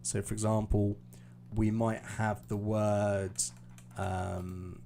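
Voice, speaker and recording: Casting: British male English tutor, unhurried, low warm voice, on a live stream. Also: little pitch movement, gravelly, a little hiss or hum. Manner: explaining patiently, hesitant fillers. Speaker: IELTS teacher.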